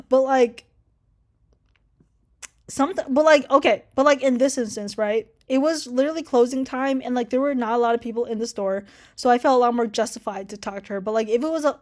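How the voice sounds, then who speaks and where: Young girl ranting storytime style, cusses a ton, kinda high voice. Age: young adult. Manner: chatty, swears a lot, animated retelling. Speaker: vlogger. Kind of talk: casual storytime chat.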